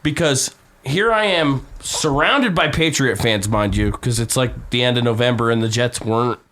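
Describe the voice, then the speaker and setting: A man's voice: medium pitch, normal speed, fairly bright tone. A drunk man on a casual podcast, telling a rowdy, profane story and acting out the quotes. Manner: rowdy storyteller, swears a lot, acts out quotes. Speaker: podcast host.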